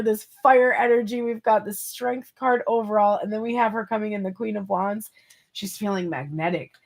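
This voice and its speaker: A woman's voice: medium pitch, a little mellow. A woman giving a casual tarot reading, chatty and playful, laughing often and swearing casually. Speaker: tarot reader.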